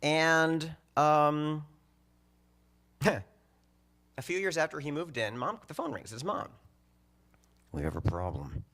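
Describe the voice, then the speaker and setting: A middle-aged man giving a humorous eulogy, telling family stories in an animated way and acting out the dialogue. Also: fairly high pitch, slow pace, pauses often. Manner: animated, acts out dialogue, laughs through lines. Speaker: eulogy speaker.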